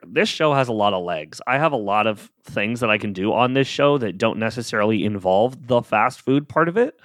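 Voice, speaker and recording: A man's voice: medium pitch, no echo, studio quality. A man hosting a solo podcast, talking casually and rambling with lots of fillers and self-amused asides. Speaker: podcast host.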